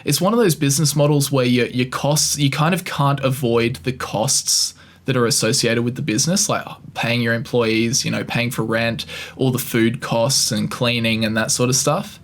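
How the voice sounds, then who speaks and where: A man's voice: medium pitch, fairly even intonation, moderate pace. A young man co-hosting a podcast, talking in a rambling, sarcastic and self-mocking way. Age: young adult. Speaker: podcast co-host. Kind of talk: casual chat.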